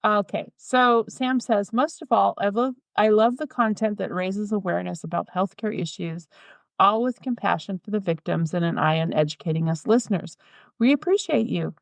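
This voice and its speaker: A woman's voice: mid-range voice, normal speed, vocal fry, no room sound. A chatty woman who keeps breaking into giggles as she reads out listener mail. Her voice sits mid-range, and the podcast sound is dry and close to the mic. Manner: giggly, chatty, reads aloud with playful asides. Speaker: podcast co-host. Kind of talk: casual chat and reading listener mail.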